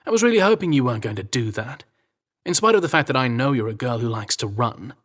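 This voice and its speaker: A man's voice: mid-range voice, lively intonation, fast, fairly bright tone. A man voicing an exasperated young male royal guard in a romance audiobook. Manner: muttering, exasperated. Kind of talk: audiobook character voice.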